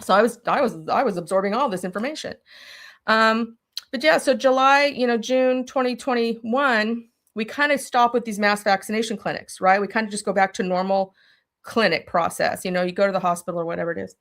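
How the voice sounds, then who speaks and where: Interview guest, woman, slightly high pitch, lively storyteller who talks straight to the audience. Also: fairly quick. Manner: animated, talks straight to listeners. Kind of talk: personal storytelling.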